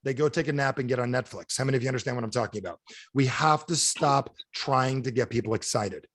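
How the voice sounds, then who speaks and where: A man giving an energetic sales training talk over a video call, firing questions at his audience. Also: medium pitch, fast, no echo, clean studio sound. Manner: animated, asks the audience repeated questions. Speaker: motivational speaker.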